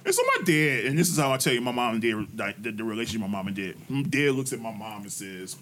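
A man's voice: quick pace, slight background noise. A man in casual chat, telling family stories with a lot of profanity and slang, restarting his sentences and laughing through the punchlines. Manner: animated, laughs through his own stories, loud high bursts at punchlines. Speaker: podcast co-host telling a family story.

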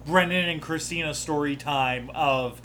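In casual podcast chat, the campaign's former game master rambles, stops himself partway through sentences and drops swear words offhandedly. His voice is a little high and sharp in tone, unhurried, with slight background noise.

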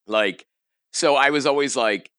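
A man's voice: medium pitch, a little slow, bright, forceful tone, clear, resonant tone, no room sound, studio quality. A man hosting a podcast, chatting casually and jokingly, rambling through his questions. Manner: rambling, jokey, many restarts. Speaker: podcast host.

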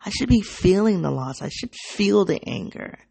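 Gravelly, husky woman musing aloud. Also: mid-range voice, lively intonation, dark tone, dry recording. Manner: introspective, halting, emotionally raw. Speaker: podcast host. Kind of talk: personal spoken reflection.

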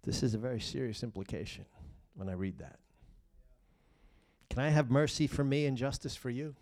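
A man preaching a sermon as pastor, reading scripture and explaining it, swinging between loud emphasis and hushed asides. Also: mid-range voice, expressive, moderate pace.

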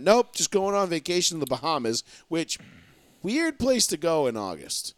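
A young man hosting a sports chat in a somewhat high voice, firing off quick, profane jokes. He slips into impressions of people as he goes. The recording is dry. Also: sing-song, dry recording. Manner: quick, joking, profane asides. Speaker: podcast host. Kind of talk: casual sports banter.

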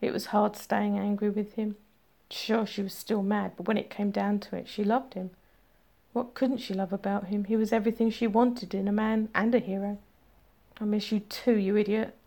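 A woman narrating a romance story in a steady, measured reading voice. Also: mid-range voice, gravelly. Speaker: audiobook narrator. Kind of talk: scripted narration.

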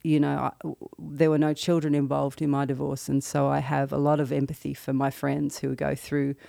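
A woman telling a personal story in an earnest, halting, reflective way. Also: sits low, little pitch movement, vocal fry, warm tone, no echo, studio quality. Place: lives in the American South.

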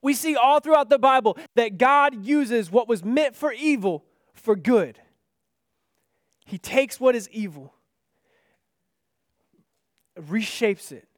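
Male preacher, very high pitch, earnest sermon delivery, dry close sound. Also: no room sound. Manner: earnest, building to impassioned pleas then dropping soft.

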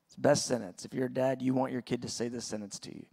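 A pastor in his forties preaching a sermon, telling a personal story in a conversational, halting way. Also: medium pitch, little pitch movement, vocal fry, warm tone, slightly rough. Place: church auditorium.

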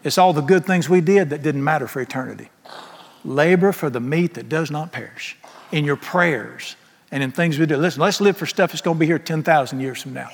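Speaking a little fast with some vocal fry, a middle-aged preacher delivers a forceful, folksy sermon sprinkled with humor. His voice runs slightly high for a man and echoes with a long reverb, as in a large church hall.

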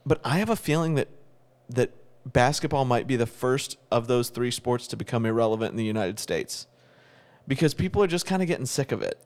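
A man's voice: medium pitch, lively intonation, a little fast. A man co-hosting a podcast in casual chat, giving opinions and restarting words as he thinks. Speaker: podcast co-host.

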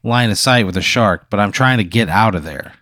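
Excitable, foul-mouthed man. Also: fairly low pitch, dry recording, studio quality. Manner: profane, excitable, quick to protest. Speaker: co-host answering a hypothetical. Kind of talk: improvised comedy banter.

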